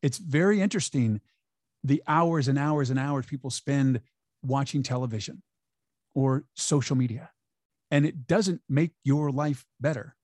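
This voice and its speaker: A man's voice: mid-range voice, measured pace, darkish tone, dry recording. A man talking as an interview guest, upbeat and emphatic, sometimes acting out quoted voices. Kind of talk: conversational interview.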